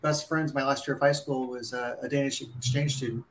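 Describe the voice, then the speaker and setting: A man's voice: medium pitch, fairly even intonation, fairly quick, roomy sound, a little hiss or hum. A man co-hosting a casual live panel chat, talking in a rambling way and often restarting his sentences. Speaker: co-host, conference organizer.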